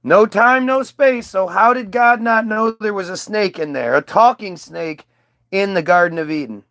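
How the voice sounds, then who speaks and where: High-voiced rambling crude comedian. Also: male voice, moderate pace, a bit bright, no room sound, studio quality. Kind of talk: crude stand-up storytelling.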